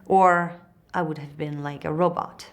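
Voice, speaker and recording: A woman's voice: low voice, fairly even intonation, a little slow. A woman with a French accent, an actress speaking English as a second language in an interview, hesitant and searching for words. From France. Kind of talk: interview answers.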